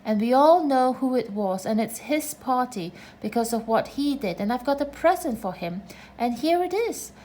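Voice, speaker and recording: Lady doing a little boy, high and excited and eager, faint hiss under it. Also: normal speed, natural voice. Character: eager young boy, kind leader of friends.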